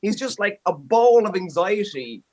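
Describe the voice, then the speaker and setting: Comic: man, high lively voice, rambling observational bits. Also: moderate pace, highs cut off. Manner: chatty, rambling observational storytelling. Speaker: stand-up comic. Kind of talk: stand-up set.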